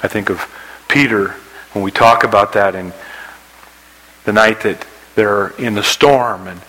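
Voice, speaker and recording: Bright-voiced male preacher. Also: steady tone, unhurried, long pauses, poor audio. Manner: storytelling preacher, acts out scenes with rising pitch; drops to a soft hush for quoted prayers. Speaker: pastor. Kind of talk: sermon.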